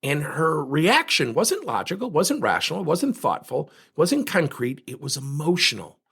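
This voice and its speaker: Animated, husky-voiced male podcast host. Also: on the high side, measured pace. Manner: animated, emphatic, acts out quoted dialogue. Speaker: podcast host and leadership coach. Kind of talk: solo podcast monologue.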